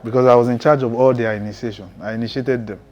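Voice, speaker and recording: A man's voice: medium pitch, fairly even intonation, fast, darkish tone, dull audio. Male preacher, testimony sermon, intense and emphatic, chuckles often.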